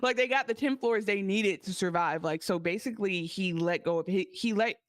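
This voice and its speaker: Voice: medium pitch, fairly quick, dry recording, clean studio sound. A co-host on a casual podcast, analyzing a TV episode in a loose, rambling way with fillers and swearing. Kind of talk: casual TV recap chat.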